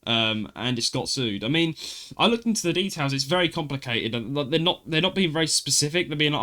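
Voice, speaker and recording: A man's voice: on the high side, lively intonation, fairly quick, few pauses, bright, forceful tone. A man co-hosting a podcast, chatting casually and talking over his co-host. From United Kingdom. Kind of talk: casual chat.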